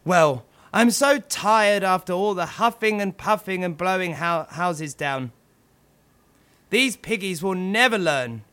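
Male reader as boastful wolf, blustering, bright and loud. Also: high voice, animated, takes it slowly, full character voice. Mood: weary. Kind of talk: storybook character voice.

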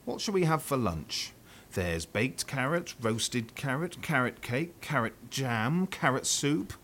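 A cheerful little storybook rabbit, done by a man with a raised, sing-song voice that rises and falls while listing things. The talk is unhurried, with faint room noise behind. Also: mid-range voice, sing-song, pitched above the performer's own voice. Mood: chatty. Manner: bright, listing.

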